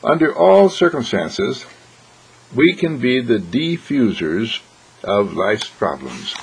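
A man's voice: mid-range voice, very animated, slow pace, breathy edge, low-quality recording. A man hosting an inspirational program, speaking in an earnest, preacherly way and acting out everyday exchanges to make his points. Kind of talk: inspirational radio talk.

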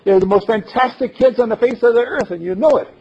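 A man preaching a sermon to his congregation in a playful, animated way, laughing often. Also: extremely high pitch, fast talker, slightly rough. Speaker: minister. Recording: dull lo-fi recording.

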